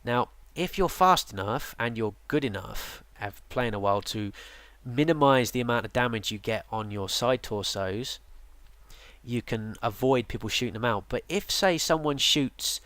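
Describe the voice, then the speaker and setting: A tired man talks through a game guide in a loose, rambling way, stopping often for ums and restarts. His voice sits at an ordinary middle pitch. The recording is dry and close, with no room sound. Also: animated, moderate pace, fairly bright tone, no echo. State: yawning, tired. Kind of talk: casual game tutorial narration.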